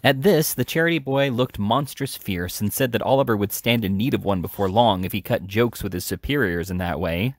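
A man reading a classic novel aloud in a measured, deliberate way, with occasional restarts. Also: fairly low pitch, dry recording, clean studio sound. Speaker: audiobook reader.

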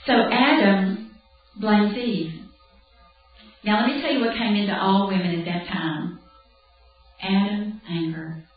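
A woman's voice: medium pitch, slow pace, pauses often. Woman preaching in an echoey hall. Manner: conversational, animated, laughs and acts out dialogue. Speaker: Bible camp speaker. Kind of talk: sermon teaching. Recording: distant, roomy, dull lo-fi hall recording with faint music.

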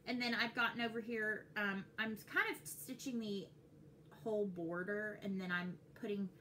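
A woman's voice: medium pitch, fairly even intonation, normal speed, bright, forceful tone, a little hiss or hum. Chatty Texan woman rambling to camera. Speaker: cross-stitch vlogger. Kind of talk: casual chat to camera.

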